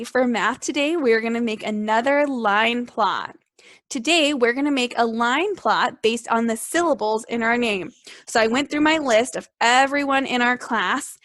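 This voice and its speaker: A young woman teaching a second grade class remotely, upbeat, clear and encouraging as she speaks to small children. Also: a little high, fairly bright tone, dry recording, studio quality.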